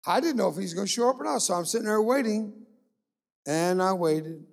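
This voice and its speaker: A man's voice: high-pitched, lively intonation, brisk, gravelly. A man preaching a sermon, telling a humorous anecdote and acting out the dialogue. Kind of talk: sermon storytelling.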